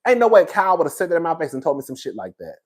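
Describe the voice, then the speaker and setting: Animated trash-talking reality TV commentator. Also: male voice, a little high, rapid-fire. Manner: animated, swearing, says girl constantly, laughs. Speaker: host.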